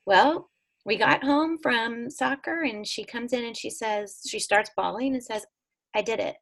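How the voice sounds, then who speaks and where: A woman guest recounting her family's story in an interview, earnest and animated, her voice leaping up when she stresses a point. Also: moderate pace, creaky. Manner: earnest, animated, with sudden leaps in pitch when emphatic.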